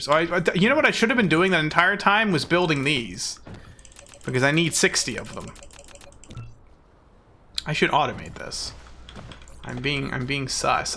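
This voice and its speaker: Young male game streamer, bright and gravelly, rambling and goofy. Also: on the high side, animated, unhurried, long pauses, a little hiss or hum. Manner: rambling, self-mocking and goofy. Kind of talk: casual gameplay chatter.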